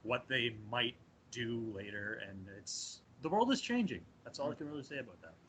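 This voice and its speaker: A man's voice: mid-range voice, expressive, normal speed, fairly bright tone, slight background noise, low-quality recording. A man chatting casually as a podcast panelist over a video call, laid-back and full of fillers. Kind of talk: casual chat.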